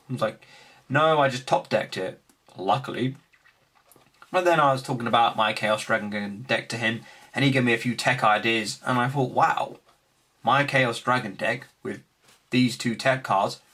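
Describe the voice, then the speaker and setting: A young man casually recapping his card game tournament, animated, acting out his opponents' remarks. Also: mid-range voice. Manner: animated storytelling, acts out opponents' lines.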